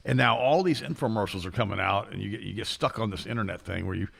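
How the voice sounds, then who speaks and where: A man's voice: fairly low pitch, quick pace, creaky, a bit bright. An older man co-hosting a casual talk show, rambling through stories and repeating his words. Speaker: co-host.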